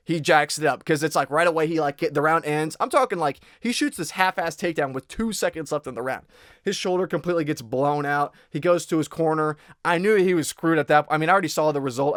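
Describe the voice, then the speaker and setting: A man's voice: a little high, dry recording, studio quality. A young man hosting a casual fight breakdown, blunt and profane, rambling with restarts as he talks picks. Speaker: MMA betting analyst host.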